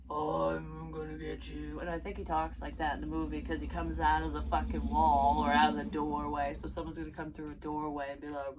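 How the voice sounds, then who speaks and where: A psychic tarot reader with a low-sitting voice gives a casual reading over background noise. She rambles and speaks bluntly, swearing freely along the way.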